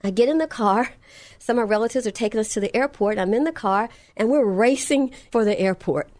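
Earnest middle-aged woman recounting a testimony with emphatic repetition, slightly high voice, dry recording. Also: brisk, a little mellow, no room sound. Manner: earnest, emphatic, repeats phrases for effect. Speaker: storyteller. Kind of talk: personal testimony storytelling.

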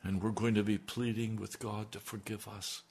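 A man preaching an impassioned radio sermon as pastor, swinging between loud emphasis and hushed, intimate lines. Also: on the low side, little pitch movement, normal speed, vocal fry, husky.

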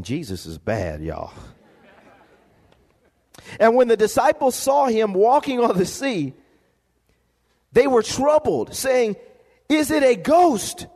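High-voiced man preaching in a reverberant hall. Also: a little mellow. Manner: preaching with call-and-response, repeats words. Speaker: pastor. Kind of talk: sermon.

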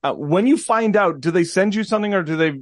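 A man's voice: sits high, quick pace, no echo, studio quality. A man co-hosting a podcast, asking long, rambling questions in a casual, conversational way. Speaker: podcast co-host.

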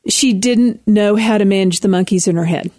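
A woman's voice: mid-range voice, normal speed, warm tone, no room sound, studio quality. A woman in her fifties with a Texan accent, an author speaking earnestly as a radio interview guest. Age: 50s.

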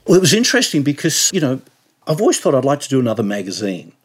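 Husky middle-aged Aussie guy, chatty and animated podcast guest. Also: mid-range voice, fast talker. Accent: Australian. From Australia. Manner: animated storyteller, repeats words. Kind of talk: casual chat.

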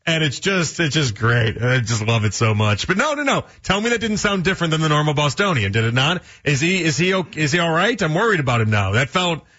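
A man's voice: on the high side, sing-song, brisk, hardly any pauses, pushed and bright. A man hosting a sports talk radio show, rambling through folksy analogies and chatting with callers. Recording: dull lo-fi radio broadcast sound.

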